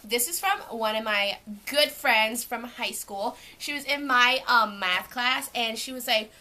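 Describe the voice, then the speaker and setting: This is a casual show-and-tell vlog: a young woman from Canada unpacks her school bag at home, rambling and saying "like" a lot. She speaks on the high side, unhurried, in a bright and forceful tone.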